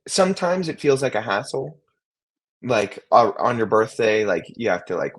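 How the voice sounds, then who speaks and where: A man's voice: mid-range voice, very animated, moderate pace, breathy edge. A man in his twenties, co-hosting a podcast in casual chat, rambling with many restarts and fillers. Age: 20s. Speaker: co-host.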